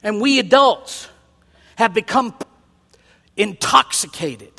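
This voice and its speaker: Pastor guy preaching, real high bright voice, swells up loud, long echo off a big church hall. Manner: preaching, rising to loud emphatic calls. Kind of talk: sermon. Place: church sanctuary.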